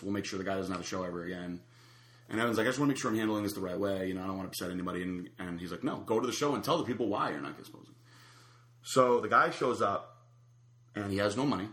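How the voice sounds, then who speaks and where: Man, low voice, quick talker, animated storyteller, echoey room. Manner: animated storyteller acting out quotes. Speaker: storyteller guest. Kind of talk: casual chat, anecdote.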